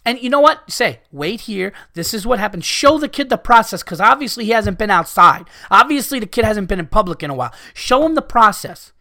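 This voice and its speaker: A man's voice: sits high, lively intonation, brisk, hardly any pauses, pushed and bright, no room sound, studio quality. A man hosting a podcast, ranting with profane exasperation to his listeners while recovering from being sick. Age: adult with young children. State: recovering from illness. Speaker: podcast host.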